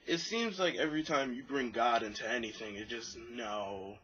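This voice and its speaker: A young man vlogging to camera in a rambling, self-deprecating way, mimicking other people in high voices. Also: moderate pace, bright, forceful tone, husky, dull audio. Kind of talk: casual monologue to camera.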